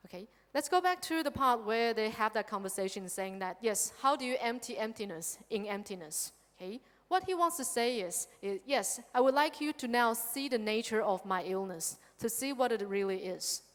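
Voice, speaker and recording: A woman with a fairly high voice teaches a Buddhist sutra as a nun giving a dharma talk. She keeps her lecture engaging and checks in with her listeners by asking "okay?" The sound carries a long hall reverb. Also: normal speed, few pauses. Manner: lively, checks in with "okay?" often.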